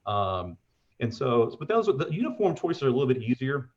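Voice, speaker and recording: A man's voice: medium pitch, big pitch swings, fairly quick, lo-fi sound. A man in his forties talking on a call as a fatherly mentor about umpire gear, rambling with lots of fillers. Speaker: umpire equipment seller and mentor. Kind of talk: casual call-in chat.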